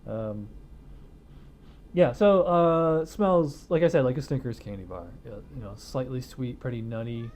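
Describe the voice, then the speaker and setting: Casual male beer vlogger, mellow tone, rambling and self-amused, close lapel mic with faint background hiss. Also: medium pitch, animated, a little slow. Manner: rambling, self-amused, lots of fillers and restarts. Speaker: beer reviewer. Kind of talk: casual beer review vlog. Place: home studio, indoors. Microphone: wireless lapel mic hidden behind a studio mic.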